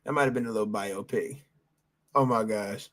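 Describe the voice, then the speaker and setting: A man's voice: on the low side, normal speed, fairly bright tone. A man reacting live on a stream, hyped and slangy, repeating himself and out of breath.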